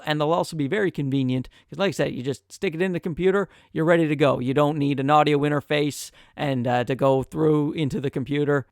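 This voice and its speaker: A man's voice: fairly high pitch, no echo. A man with a nasal voice, hosting a casual, joking product review into a close condenser mic. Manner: chatty, joking asides, frequent "uh" fillers. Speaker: tech reviewer, channel host. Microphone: close USB condenser mic with pop filter.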